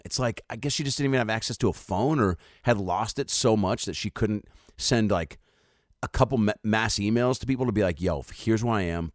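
Comedian guy in his 30s rambling and swearing, lowish voice, dry sound. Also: no echo. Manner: rambling, profane, loose and jokey. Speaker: comedian and host. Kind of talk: casual comedy monologue to camera.

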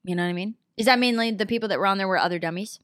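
A woman hosting a comedic interview, teasing her guest in a deadpan, roasting way. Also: mid-range voice, racing. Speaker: interviewer host.

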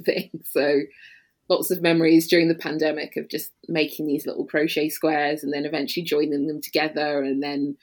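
A woman with a London English accent talks casually as a podcast guest. Her voice sits low, and she chats in a loose, friendly way, full of fillers and quick laughs. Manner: chatty, laughs often, many fillers. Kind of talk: casual interview chat.

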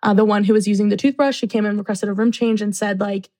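A woman who works in university residence life, telling a story casually and acting out what people said in lively voices. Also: mid-range voice, quick pace. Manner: animated, acts out quotes.

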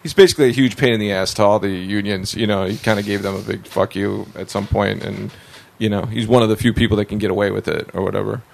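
A man's voice: lowish voice, fairly even intonation, fast talker, vocal fry, hardly any pauses, a little mellow, slight background noise. A man hosting a casual podcast interview, laughing often and asking rambling questions. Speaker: podcast host.

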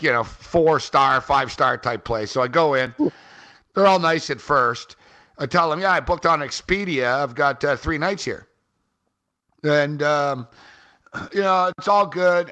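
A man tells a long story in a loose, casual way and keeps saying "like" and "man" as he goes. His voice is bright and forceful, and it sits a little high for a man. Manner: animated, rambling, frequent "like" and "man". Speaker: fantasy sports radio co-host. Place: on a trip in Halifax.

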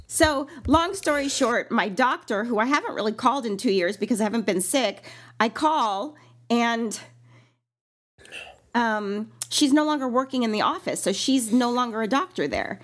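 A woman in casual conversation, animated and quick to laugh, still recovering from an illness. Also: fairly high pitch. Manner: animated, laughs often, acts out quoted voices. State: recovering from illness, lingering cough. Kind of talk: casual storytelling chat.

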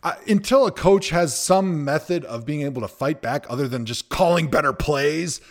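A man's voice: a little high, expressive, normal speed. A man co-hosting a sports podcast, giving opinionated takes in a joking, rambling way. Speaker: podcast co-host, former NFL player. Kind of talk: casual sports chat.

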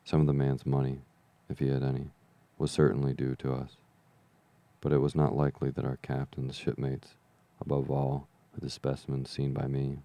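A man reading an adventure novel aloud as an audiobook narrator, in measured, even storytelling. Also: very deep voice, no room sound. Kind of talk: scripted narration.

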